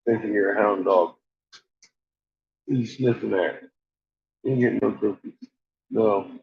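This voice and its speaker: A man's voice: on the low side, moderate pace, gravelly, husky. A man chatting casually late at night, cooing at his dogs, laughing often and swearing freely, on a slightly dull lo-fi recording. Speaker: vlogger.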